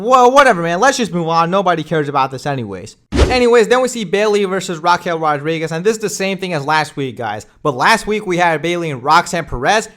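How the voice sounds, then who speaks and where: A man's voice: high voice, fairly bright tone. A young man giving a casual, opinionated wrestling review, exasperated and ranting with lots of "you know" and "man".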